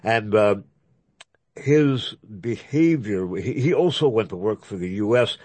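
A man's voice: fairly low pitch, animated, measured pace, a little mellow, slightly rough, no room sound. A man hosting a radio talk show, speaking in a rambling, digressive way and spelling out names letter by letter. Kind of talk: conversational radio interview.

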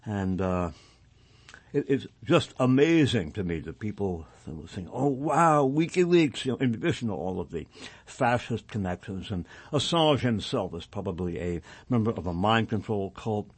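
A man's voice: on the low side, lively intonation, moderate pace, breathy edge, dry recording. A male radio host reading passages aloud and adding sardonic asides on air.

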